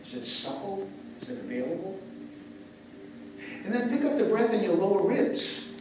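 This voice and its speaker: A man teaching breathwork to a live audience, moving between calm guided instructions and playful, jokey asides. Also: high voice, moderate pace. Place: live festival session. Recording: echoey, distant room recording with noise.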